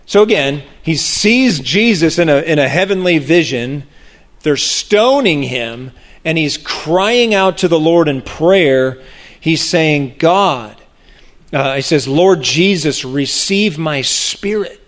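A man preaching a sermon, animated and expressive, acting out the voices of people in the story. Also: slow. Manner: animated, acts out voices of the crowd with big pitch jumps.

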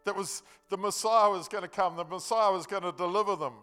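High-voiced earnest male preacher. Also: fairly quick, pushed and bright, clean tone, soft background music. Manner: earnest, emphatic, conversational with slang. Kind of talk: sermon storytelling.

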